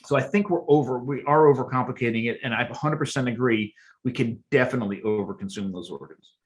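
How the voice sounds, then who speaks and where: In a mid-range voice at a quick pace, this podcast guest, an archaeologist who is also a chef, gives long explanations in an interview. He is emphatic and animated and tends to repeat words as he talks.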